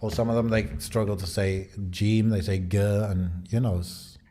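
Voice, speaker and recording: British guy on a podcast, lowish voice, rambly, lots of ums and likes. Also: fairly even intonation, normal speed, mellow. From Britain. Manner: rambling, thinks aloud with many fillers. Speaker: podcast co-host. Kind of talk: casual podcast chat.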